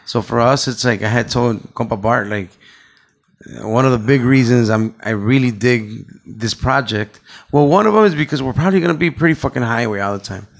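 A man with a gravelly, creaky voice hosts a laid-back podcast, talking loosely and profanely as he drifts between English and Spanish. He carries a Chicago accent and speaks at an ordinary, middle pitch. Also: fairly quick. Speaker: podcast co-host. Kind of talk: casual podcast chat.

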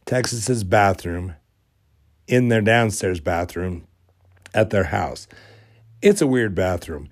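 A male podcast host with a low-leaning, darkish voice tells a rambling, amused story. He's casual and self-deprecating while he gets over a cold.

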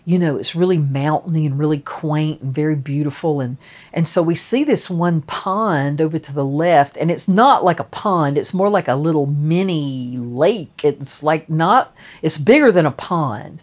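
A woman's voice: deep voice, moderate pace, darkish tone, highs cut off. A woman telling a personal story in a casual, rambling way, with restarts and swearing.

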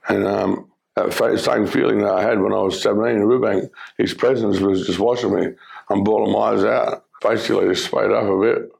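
Gravelly, low-voiced Australian man. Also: fairly even intonation, darkish tone. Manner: earnest, halting storytelling with many fillers. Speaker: former criminal telling his life story. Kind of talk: personal testimony.

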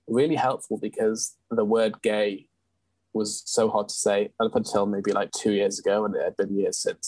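A young man speaks with a low, slightly husky voice. He tells a personal story earnestly and candidly as an interview guest, with ums and restarts along the way. The recording is dry and close, with no room sound. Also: darkish tone, dry recording, rough recording. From England.

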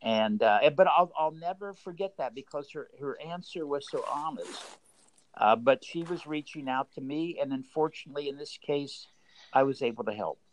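Speaking at a normal pace with an animated, slightly high voice, an older man who used to be a baseball executive earnestly tells stories in an interview. He keeps repeating and restarting words, and the recording is low quality.

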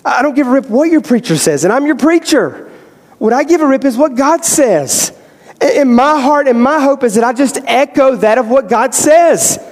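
A man preaching a sermon as pastor, animated, moving between loud emphasis and quiet storytelling. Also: very high-pitched, moderate pace. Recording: hall reverb.

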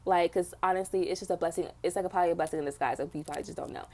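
A woman's voice: lowish voice, steady tone, racing, mellow. A young woman hosting her own podcast, venting bluntly with lots of swearing in casual chat. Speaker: podcast host.

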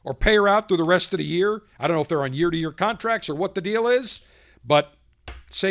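High-voiced man ranting on a podcast. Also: a little fast, fairly bright tone. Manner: combative, ranting, sarcastic. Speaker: podcast host. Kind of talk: political commentary monologue.

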